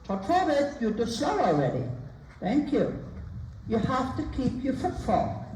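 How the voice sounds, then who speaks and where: A woman giving a riding lesson, calling brisk, repeated commands and counting out the rider's strides. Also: a little high, very animated, mellow. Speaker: riding instructor. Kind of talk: live coaching during a riding lesson. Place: riding arena. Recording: roomy, distant sound with faint ambience.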